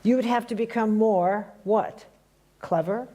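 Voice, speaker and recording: A woman's voice: medium pitch, a little slow, dark tone. A woman leading a spiritual workshop who talks conversationally and teases the live group as she quizzes them. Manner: conversational and teasing, quizzing the audience. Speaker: workshop leader.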